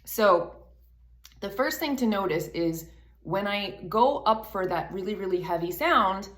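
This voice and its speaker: A woman's voice: mid-range voice, animated, unhurried, echoey room. A woman vocal coach explaining singing technique in a chatty way, her voice still froggy from the morning. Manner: explanatory, chatty, laughs between points. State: froggy morning voice, not warmed up. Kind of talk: singing lesson.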